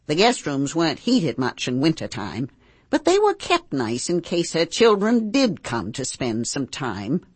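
A blunt, earthy housekeeper in her sixties, as a woman reads her part, telling her tale in first-person audiobook narration. Her husky voice sits low but rises and falls with lively swings as she spins her salty, plain-spoken rural talk. The sound is close and dry. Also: a little slow, no echo, exaggerated voice. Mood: wry.

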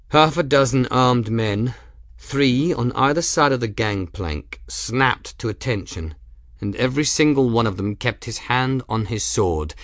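In a calm, measured way, a man narrates a story for an audiobook. His pitch is fairly low, and the sound is clean, dry studio audio.

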